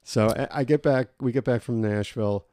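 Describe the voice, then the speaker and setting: A man's voice: mid-range voice, moderate pace, warm tone, no room sound, clean studio sound. A man co-hosting a podcast in casual chat, telling stories with plenty of swearing and laughter. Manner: swearing, storytelling, laughs easily. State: recovering from a cold. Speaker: podcast co-host.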